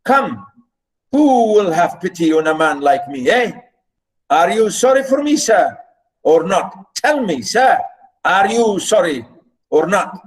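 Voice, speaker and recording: A drunken, self-pitying old father begs for pity in a slow, dragging plea that keeps circling back on itself, read out by a man. The voice sits a little high and crawls along. His words swing up and down as he presses the listener. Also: sing-song, exaggerated voice, rough recording. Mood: pleading drunk. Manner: pleading, repetitive, drawn-out phrasing.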